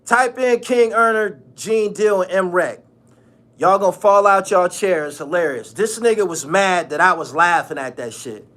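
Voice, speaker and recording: A man's voice: sits high, normal speed, a bit bright. A man hosting his own channel, ranting casually in a mocking tone, repeating phrases and laughing often. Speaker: channel host. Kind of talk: casual vlog rant.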